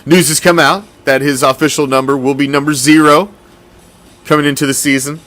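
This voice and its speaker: A man hosting a casual sports commentary show, talking in an animated, profane, rambling way. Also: fairly high pitch, fairly quick. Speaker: host.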